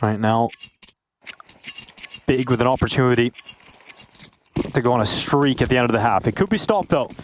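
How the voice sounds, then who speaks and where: Excitable male esports play-by-play caster. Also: medium pitch, a little hiss or hum. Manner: excitable, jokey, quick to laugh. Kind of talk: live play-by-play commentary.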